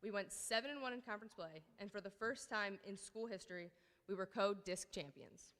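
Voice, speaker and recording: A woman's voice: mid-range voice, fairly quick, fairly bright tone, slight background noise. A woman in her thirties, a girls' team coach, giving an emotional awards ceremony speech with nervous ums and many thanks. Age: 30s. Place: large hall at a school ceremony. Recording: hall reverb from a PA speech.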